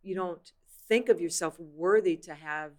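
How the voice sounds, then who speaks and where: A woman's voice: on the low side, measured pace. A woman hosting a casual faith-based podcast chat, talking in an earnest, reflective way with many "you know" fillers. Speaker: podcast host.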